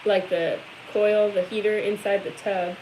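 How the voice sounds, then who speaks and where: A woman's voice: medium pitch, steady tone, a little slow, a little mellow, slight background noise, poor audio. A woman with a Midwestern American accent, co-hosting a farm livestream, chatting and reading viewer comments aloud.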